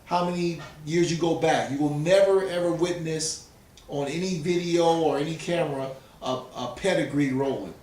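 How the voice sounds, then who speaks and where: A man's voice: fairly high pitch, fairly even intonation, normal speed, darkish tone. A man from Southern California, a pigeon fancier, talking earnestly and emphatically in a casual interview. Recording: echoey and distant from the mic.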